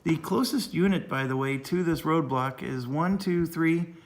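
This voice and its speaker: Man in a slightly higher register, talking through a solo board game and reading rules aloud, with a slight cough. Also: measured pace.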